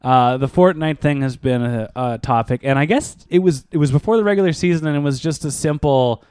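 A man co-hosting a casual hockey podcast, animated and quick to laugh, often acting out what players might say. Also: a little high, clean tone, dry recording, studio quality. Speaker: podcast co-host. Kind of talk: casual sports chat.

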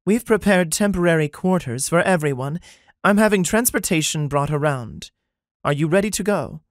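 Guy doing a high bright young woman, eager helper, polite and brisk, storybook voice. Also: expressive, no room sound, studio quality, lightly acted.

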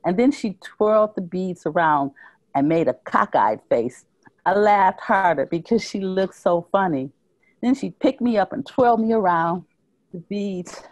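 A woman author reading her own short story aloud at a library talk, slow and measured. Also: fairly low pitch, no echo, low-quality recording.

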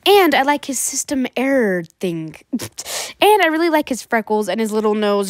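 A woman's voice: fairly high pitch, sing-song, normal speed, no room sound, studio quality. A woman hosting a casual toy unboxing vlog, chatty and bubbly, laughing at herself now and then. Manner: bubbly and chatty, giggly asides. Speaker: toy reviewer.

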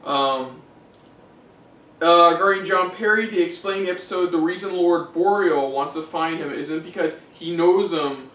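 A man's voice: on the high side, a little slow, a bit bright. A man co-hosting a reaction show, recapping an episode in a casual, hesitant way with many ums and restarts. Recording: echoey room, mic at a distance, faint noise.

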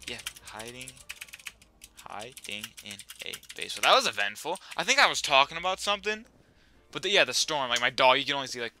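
A young man at home giving excitable, swearing commentary over his own gameplay, now and then yelling at his dog. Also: medium pitch, background noise. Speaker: gaming YouTuber.

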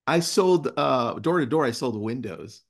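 A man's voice: medium pitch, a little slow. A man hosting a casual webinar, telling stories with energy and reading passages aloud. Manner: animated storyteller, reads passages aloud. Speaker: webinar host.

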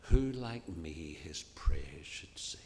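A man preaching an earnest sermon in a church, often dropping to a soft, hushed voice on key phrases. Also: rumbling low, animated, slow pace, vocal fry, a little hiss or hum. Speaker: minister preaching. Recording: long reverb of a church hall, faint ambience.

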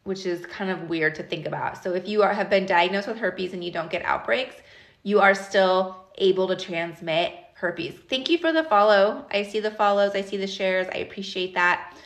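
A woman's voice: medium pitch, normal speed. Chatty woman host in an echoey room. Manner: chatty, animated, talks straight to viewers. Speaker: host of a live stream. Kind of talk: casual live-stream talk.

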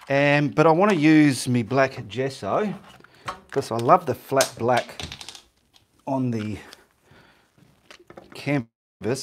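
A man talking casually through a live painting demonstration, chatting as he works and muttering to himself between steps. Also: medium pitch. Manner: chatty, casual, talks while working. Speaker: painting instructor. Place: home studio, indoors.

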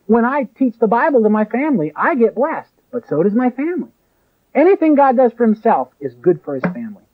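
A man preaching a sermon in an emphatic way, with sharp rises and drops. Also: very high voice, big pitch swings, a little fast. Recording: tinny phone-like lo-fi recording.

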